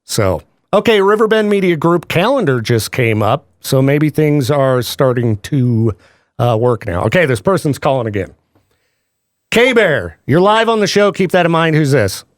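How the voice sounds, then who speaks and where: A man hosting a casual morning radio show, talking quickly and loosely and laughing easily. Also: medium pitch, lively intonation, dry recording, studio quality. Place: radio studio. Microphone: studio mic.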